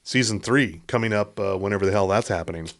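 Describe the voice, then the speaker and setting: A man's voice: fairly low pitch, quick pace. A man co-hosting a podcast in casual chat, blunt and opinionated, with some swearing. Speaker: podcast co-host.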